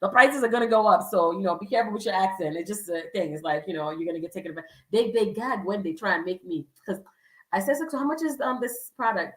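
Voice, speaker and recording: A woman's voice: lowish voice, fast, echoey room, recorded from a distance, rough recording. A woman giving casual travel advice as a vlogger, chatty with lots of fillers, acting out quoted voices.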